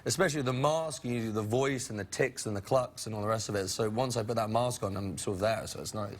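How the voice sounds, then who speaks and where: A man's voice: on the low side, fast talker. A young man from England, an actor chatting as an interview guest, rambling and self-interrupting with frequent laughs. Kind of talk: casual interview chat.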